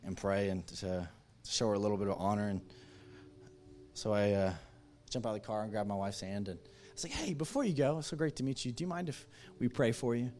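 A man's voice: fairly low pitch, animated, brisk, darkish tone. A man with a Texan accent preaching a sermon in a church, telling a story with quoted dialogue and then leading an earnest altar call. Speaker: pastor. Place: church sanctuary.

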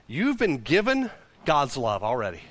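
A male pastor preaching a sermon to a congregation in a conversational, animated way, often repeating words as he goes. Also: mid-range voice, moderate pace, no echo.

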